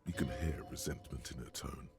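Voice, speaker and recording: An actor voicing a grave male narrator in a video game, with a gravelly, raspy voice and slow descriptive delivery. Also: very deep voice, music in the background.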